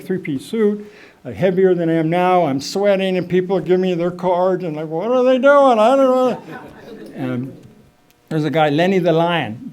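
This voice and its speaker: Rambling middle-aged man telling his story. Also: high-pitched. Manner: rambling, animated, full of fillers and asides. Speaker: speaker at a recovery meeting. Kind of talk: personal testimony, casual storytelling.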